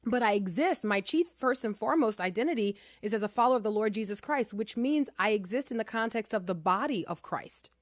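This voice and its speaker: A middle-aged woman hosts a talk radio show in a chatty, emphatic way. Her voice sits at an ordinary pitch. The sound is close and dry, with no room around it. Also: expressive, a little fast, hardly any pauses, dry recording. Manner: chatty, emphatic, laughs often. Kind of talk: casual talk radio commentary.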